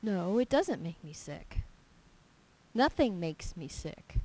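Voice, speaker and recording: A woman's voice: lowish voice, slow pace, low-quality recording. Emphatic woman preaching a homey sermon. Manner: animated storytelling, acting out little dialogues in her own voice; emphatic and repetitive. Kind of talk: informal sermon with personal stories.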